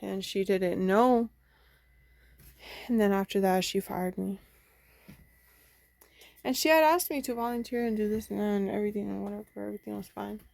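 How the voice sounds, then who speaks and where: A young woman venting in a casual, rambling monologue, swearing often and filling pauses with "um" and "like.". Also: mid-range voice, vocal fry, a little mellow, no echo. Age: young adult. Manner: rambling, profane, frequent fillers. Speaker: vlogger. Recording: noisy home recording.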